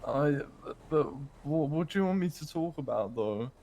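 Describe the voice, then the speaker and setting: A man's voice: a little high, expressive, normal speed, dark tone. A man doing a put-on Irish accent while roleplaying in character, stammering and earnest, often ending lines with tag questions. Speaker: roleplay player.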